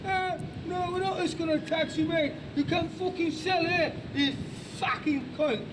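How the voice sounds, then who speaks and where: A man's voice: very high-pitched, steady tone, unhurried, a crowd in the background, background noise, pitched above the performer's own voice. Man putting on a snarling cockney thug. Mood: menacing. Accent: put-on Cockney. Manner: snarling threats, heavy swearing. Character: aggressive male cockney street thug, drug dealer.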